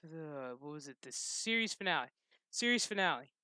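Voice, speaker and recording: High, bright-voiced man ranting. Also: moderate pace, clear, resonant tone, dry recording, clean studio sound. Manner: animated, profane, rambling. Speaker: gaming channel host. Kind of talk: casual rant.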